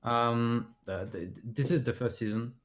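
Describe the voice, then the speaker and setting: A man with a French accent, a player answering post-match interview questions in halting English and often searching for words. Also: mid-range voice.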